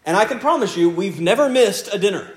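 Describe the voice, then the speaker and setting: A man's voice: high-pitched, animated, a little fast. A male pastor preaching a sermon in an earnest, conversational way, often repeating key phrases. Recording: echoey room sound.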